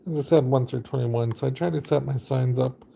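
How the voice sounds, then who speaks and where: Gravelly, chatty game streamer man. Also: mid-range voice, brisk, warm tone, a little hiss or hum. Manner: rambling, chatty, full of fillers. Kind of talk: casual live-stream commentary.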